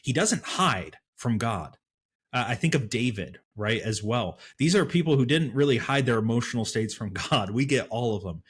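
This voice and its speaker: Guy co-hosting a bible podcast, thoughtful and animated, lots of ums, middle pitch. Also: moderate pace, slightly rough. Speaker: podcast co-host. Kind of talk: casual Bible study discussion.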